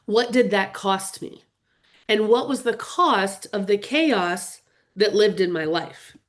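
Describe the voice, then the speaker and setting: A woman's voice: mid-range voice, slow. Earnest middle-aged woman hosting a webinar. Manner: earnest and openly emotional, chatting with viewers. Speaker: real estate business coach hosting a webinar. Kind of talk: live webinar presentation.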